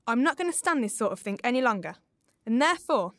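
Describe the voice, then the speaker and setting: A woman reading aloud, voicing an old male miser who fakes a gruff tone before turning kindly. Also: fairly high pitch, big pitch swings, fast, a bit bright, no echo, studio quality. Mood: mock gruff. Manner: mock gruff, then earnest. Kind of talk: reading a classic story aloud.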